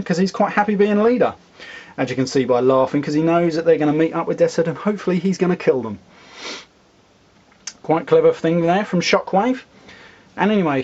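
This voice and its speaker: A man's voice: fairly high pitch, darkish tone, highs cut off. A man casually reviewing comics, rambling, with fillers and asides.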